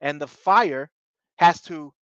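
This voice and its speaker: Speaking slowly with a raised, high-side voice that is fairly bright and smooth, a man reviews a TV episode in a loose, rambling recap. He circles back on his words and drops fillers like "you know what I mean." The audio is dull and lo-fi and very dry, with no room sound or echo.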